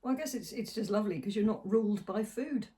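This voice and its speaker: A woman's voice: mid-range voice, quick pace, warm tone. A middle-aged woman, co-hosting a podcast in casual chat, asking short questions and dropping in teasing remarks. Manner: brief, teasing interjections. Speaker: podcast co-host.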